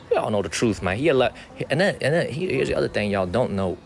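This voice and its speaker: A man from Chicago hosting a casual livestream outdoors on city streets. He sounds excitable and repetitive, ending sentences with "man". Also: mid-range voice, quick pace, gravelly. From Chicago, USA. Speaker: livestream host.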